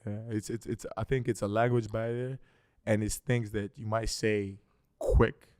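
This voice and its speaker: A man's voice: lowish voice, flat delivery, measured pace, darkish tone, no room sound. Playful Greek-accented man hosting, dry sound. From Greece. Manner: playful, teasing, repeats and restarts words. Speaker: host. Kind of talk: casual interview chat.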